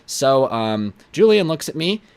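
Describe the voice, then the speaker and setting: A man's voice: medium pitch, very animated, measured pace, darkish tone, clear, resonant tone. A young man telling a storytime vlog in a blunt, rambling way, often restarting his sentences. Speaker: YouTuber.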